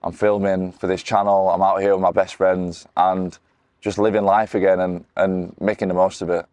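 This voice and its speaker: A motivational speaker in his 20s gives a personal testimony to camera, earnest and candid, restarting often and saying "you know" a lot. His voice is very low and flat, at a moderate pace with no room sound.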